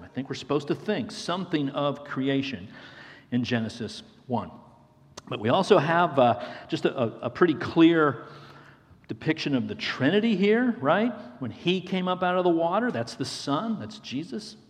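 A man's voice: a little high, big pitch swings, normal speed. A man preaching a sermon in an earnest way, often repeating a phrase for emphasis and calling his listeners friends. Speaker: pastor. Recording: long hall reverb.

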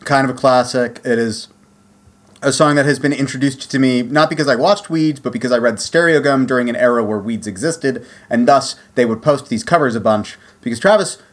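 Podcast co-host, male, mid-pitched, animated and rambling. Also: brisk. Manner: animated, chatty, full of fillers. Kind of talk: casual chat.

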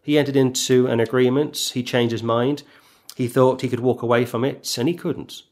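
A man preaches in a middle-range voice, firing pointed rhetorical questions at his listeners. He turns sarcastic and scolding, then slows right down to read scripture with heavy emphasis. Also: mid-range voice, steady tone, a little mellow. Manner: reads scripture slowly and emphatically. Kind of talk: sermon.

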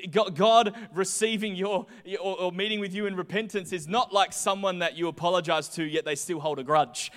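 A young man preaching a sermon, chatty and animated as he tells personal stories. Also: sits high, moderate pace. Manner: chatty, animated storytelling with voiced asides. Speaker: pastor. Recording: hall reverb.

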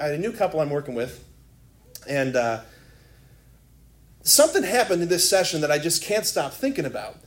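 A man preaching a sermon as a priest, telling a story in a casual, rambling way full of "like" and "right?". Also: on the high side. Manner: conversational storytelling, filler-heavy. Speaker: Catholic priest.

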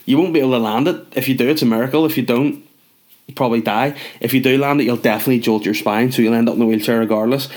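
A man's voice: mid-range voice, steady tone, very fast, a little mellow. A man delivering a rambling comic rant, sweary and sardonic with mumbled asides. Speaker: comedic monologue host.

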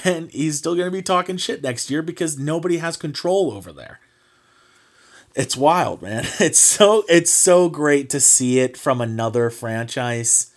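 A man's voice: fairly high pitch, measured pace. A man hosting a sports podcast, ranting in a heated, mocking way, swearing freely and filling his talk with "like" and "you know.". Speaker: podcast host. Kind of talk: casual sports podcast rant.

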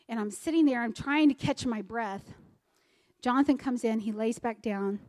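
A woman from the United States, around her forties, with a high, light voice. She tells her personal testimony earnestly and vividly, recounting events as she lived them. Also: moderate pace, a little mellow, long reverb tail. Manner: earnest, vivid retelling that acts out dialogue. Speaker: speaker giving a personal testimony. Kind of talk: emotional storytelling testimony.

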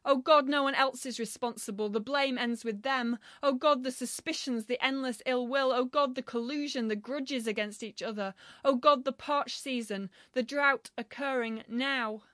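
A woman gives a measured, solemn poetry reading in a high, clear register. The recording is close and dry, with no room echo. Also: a bit bright.

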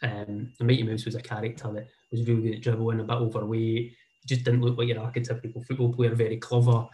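A man's voice: medium pitch, completely flat delivery, fast talker, warm tone, low-quality recording. A Scottish man in his forties telling a heartfelt personal story in a rambling, earnest way, often repeating words. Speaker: speaker sharing a personal story.

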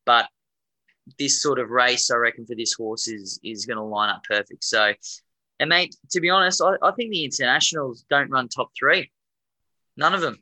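Aussie male tipster, mid pitch, crisp bright tone, dry sound, blunt. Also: moderate pace, no room sound, poor audio. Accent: Australian. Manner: blunt and opinionated. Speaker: co-host giving racing tips. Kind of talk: casual chat.

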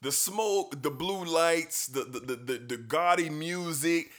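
A man's voice: fairly high pitch, slow pace. A man hosting a sports talk show, chatting casually and easily, often repeating words as he goes. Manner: relaxed, repeats words, slangy. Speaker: sports podcast host.

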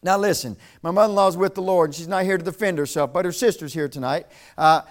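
A man's voice: high-pitched, fast talker. A middle-aged man preaching a revival sermon, moving between folksy storytelling and emphatic preaching.

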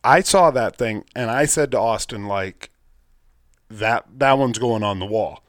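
A man hosting a podcast, telling stories in a rambling, excitable way with casual cursing. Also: on the low side, a little slow, dry recording, clean studio sound. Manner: rambling, excitable storyteller with mild swearing. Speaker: podcast host. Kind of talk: casual chat.

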